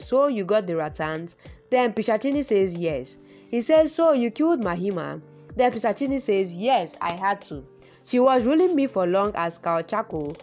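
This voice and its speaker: A woman narrates a TV drama's episode in plain, slightly broken English, stringing events together with "then he says." Her pitch moves lively up and down at a middling level. Soft music plays faintly behind her. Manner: chains events with "then she says", quoting each character flatly. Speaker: narrator retelling a TV serial's episode. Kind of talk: casual plot recap read aloud.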